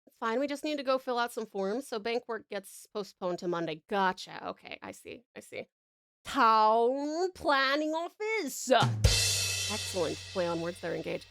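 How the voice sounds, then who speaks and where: A woman's voice: mid-range voice, steady tone, fairly quick, gravelly, few pauses, dry recording, clean studio sound, faint music behind. A woman from Tasmania, chatting casually on a live stream, bubbly and affectionate with her viewers, giggling and swearing now and then. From Tasmania, Australia. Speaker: VTuber streamer.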